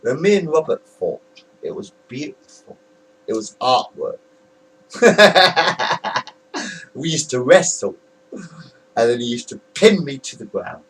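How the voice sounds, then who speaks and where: Gravelly, lively-voiced man in his forties. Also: mid-range voice, slow, pauses often, distant mic, a little hiss or hum, rough recording. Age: 40s. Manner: candid and rambling, laughs between stories. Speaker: man filming a home video about his family. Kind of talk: rambling personal recollection to camera.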